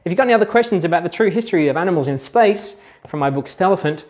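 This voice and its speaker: A man's voice: high-pitched, expressive, racing, a little mellow. A man, a children's book author, telling facts to kids in a chatty, casual storytelling manner. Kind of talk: explainer video for kids.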